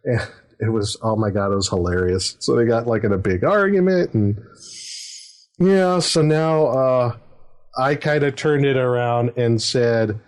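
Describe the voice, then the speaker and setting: A man's voice: mid-range voice, normal speed. A middle-aged man hosting a podcast, rambling through a casual anecdote about running a tabletop game, with many fillers and chuckles. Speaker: podcast host and game master.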